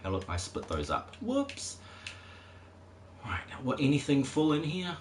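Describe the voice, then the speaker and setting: A man's voice: on the high side, huge pitch swings, measured pace, a little hiss or hum. A man chatting casually on a live stream while he plays, rambling, chuckling often and swearing at the game.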